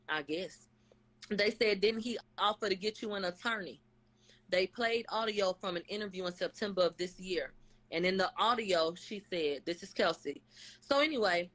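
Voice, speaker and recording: A woman's voice: mid-range voice, fairly bright tone. A woman giving a casual, profane live recap, rattling off what people said and acting out their quotes. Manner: blunt, profane, slangy, quotes testimony in acted voices. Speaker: vlogger recapping a court case.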